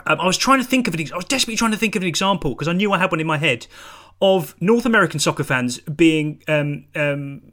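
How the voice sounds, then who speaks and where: A playful male podcast host with a notably high-pitched voice. He talks with bright enthusiasm and a teasing edge in casual conversation. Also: animated, fast. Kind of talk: casual chat.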